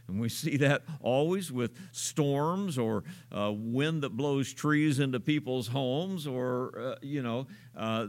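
A man delivering a sermon in a steady middle-pitched voice. He preaches unhurriedly, pausing on filler sounds and posing questions to his listeners. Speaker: pastor.

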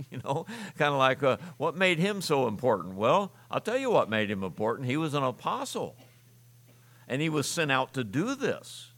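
A male pastor delivering a sermon in a relaxed, conversational teaching manner, often pausing on fillers and restarting phrases. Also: medium pitch.

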